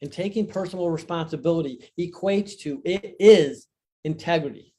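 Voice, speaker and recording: An older man with a somewhat high-pitched voice tells a personal story on a video call. He speaks earnestly and reflectively and leans hard on key phrases. It sounds like an interview conversation. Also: moderate pace, dark tone. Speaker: guest, divorce author and coach.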